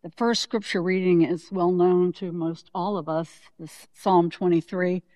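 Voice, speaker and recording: A worship leader gently introducing a scripture reading during a church service. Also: medium pitch, fairly even intonation, a little slow, highs cut off. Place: church sanctuary. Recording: long reverb in a church hall.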